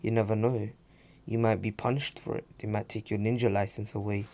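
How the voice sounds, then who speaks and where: A man voicing a calm, cold teenage boy ninja with a psychopathic edge, speaking low and quiet. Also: moderate pace, close to an everyday voice. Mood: coldly threatening.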